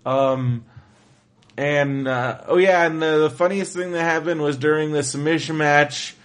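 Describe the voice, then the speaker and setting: A man co-hosting a podcast in casual chat, talking excitedly and rambling with lots of fillers. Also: fairly high pitch, a little slow. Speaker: podcast co-host.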